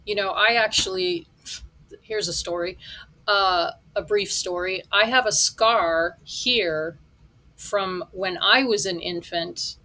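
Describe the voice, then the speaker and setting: A woman's voice: mid-range voice, takes it slowly, bright, forceful tone. A middle-aged woman giving blunt, scornful commentary as she reacts to a vlog. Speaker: reaction vlogger.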